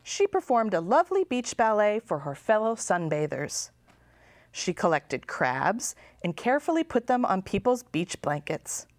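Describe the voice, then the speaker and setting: Brief: children's librarian at storytime, lively melody, close dry mic. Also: female voice, mid-range voice, unhurried, no room sound. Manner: expressive, sing-song. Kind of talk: storytime read-aloud.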